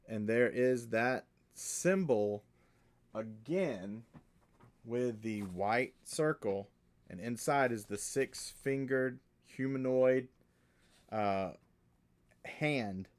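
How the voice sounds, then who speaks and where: A man narrating as game master of a tabletop game, with a mid-range voice. He talks slowly and haltingly, searching for words as he describes the scene. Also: mid-range voice.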